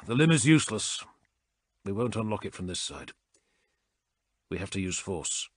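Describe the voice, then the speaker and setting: A man's voice: lowish voice, very animated, normal speed, no echo, clean studio sound. A man doing a stern, commanding warrior. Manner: curt, commanding.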